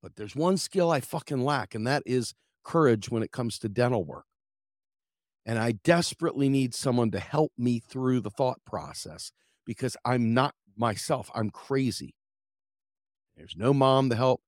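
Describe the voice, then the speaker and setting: A man's voice: mid-range voice, a little slow, no echo, studio quality. A middle-aged American man hosting a podcast, telling a story in a casual rant and acting out the quotes, swearing along the way. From United States. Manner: animated, acts out quotes with swearing. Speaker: podcast host.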